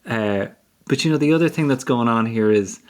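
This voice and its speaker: An Irish man, a comedian guest, talking through ideas in a measured, reflective way during a casual interview. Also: mid-range voice. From Ireland.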